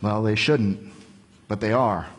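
A male preacher voicing a grave, calm holy man who answers in low, hushed replies during a sermon. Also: a little slow, long reverb tail, natural voice. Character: calm, quiet male teacher figure, grave. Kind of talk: dramatized scripture paraphrase in a sermon.

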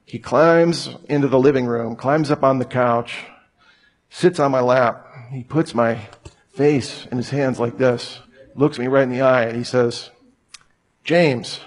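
A man's voice: mid-range voice, fairly even intonation, measured pace. Man preaching a casual sermon. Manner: casual, storytelling with humor. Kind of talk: conversational sermon.

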